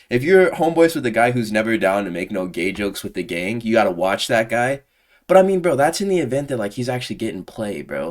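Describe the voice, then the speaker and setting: A man with a somewhat low-pitched voice rants in casual commentary, exasperated and slangy. He swears freely and talks straight to his viewers like he is venting to friends. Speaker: MMA commentary YouTuber.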